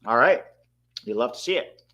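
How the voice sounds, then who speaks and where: A man at medium pitch hosts a live broadcast of a match viewing. He talks casually and reacts loudly to decisive moments. He keeps addressing the viewers in the chat. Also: moderate pace. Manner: excitable, bursts out at big moments, talks to chat. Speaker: host of a live watchalong.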